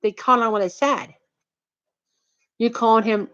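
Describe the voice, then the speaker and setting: A woman's voice: a little high, fairly even intonation, unhurried, fairly bright tone. Woman rambling through a heated story, lo-fi. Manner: rambling, repetitive, heated retelling. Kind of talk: casual personal anecdote. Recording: dull lo-fi recording.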